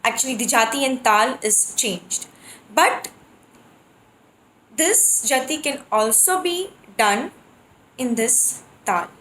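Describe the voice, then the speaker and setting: A woman teaching percussion, explaining how to compose rhythm phrases and reciting drum syllables in quick rhythmic bursts. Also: a little high, lively intonation, a bit bright, slight background noise. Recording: echoey room.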